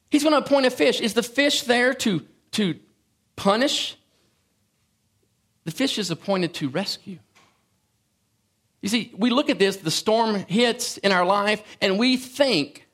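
A man's voice: high-pitched, expressive, a little slow, creaky, long pauses, fairly bright tone. A man preaching a sermon as a pastor, impassioned, with frequent restarts and asides.

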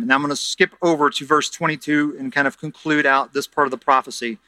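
A man's voice: a little high, steady tone, a little fast, few pauses, bright, forceful tone, no echo. A man pastor preaching a sermon, reading scripture aloud and then explaining it earnestly, sometimes repeating words as he goes.

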